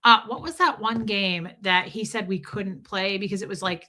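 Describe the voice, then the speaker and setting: Speaking at a normal pace with a steady, sharp tone in the mid range, this woman hosts a livestream. She's a chatty storyteller who laughs and swears freely as she talks casually with viewers.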